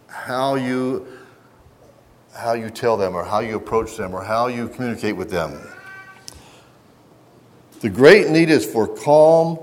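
A man's voice: mid-range voice, darkish tone. Middle-aged guy preaching to parents, earnest, keeps restarting his sentences, reads bits out of a book. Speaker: pastor. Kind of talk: sermon.

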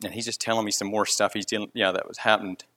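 A man's voice: fairly low pitch, little pitch movement, quick pace, sharp tone. A man who leads a concrete crew tells a story in casual, earnest speech full of restarts. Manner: rambling, with frequent restarts.

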